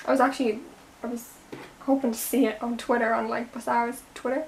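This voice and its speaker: A young Irish woman chats away while she does her makeup, rambling from one story to the next and sometimes dropping to a soft half-whisper. Her voice sits a little high with a gravelly fry, and a faint hiss runs behind it. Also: flat delivery, a little fast. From Ireland. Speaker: beauty vlogger. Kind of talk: chatty get-ready-with-me vlog. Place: home room.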